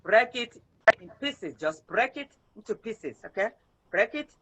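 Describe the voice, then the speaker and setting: A man's voice: high voice, animated, measured pace, bright, forceful tone, highs cut off, slight background noise. A man teaching an online language lesson, patiently drilling words syllable by syllable over a video call.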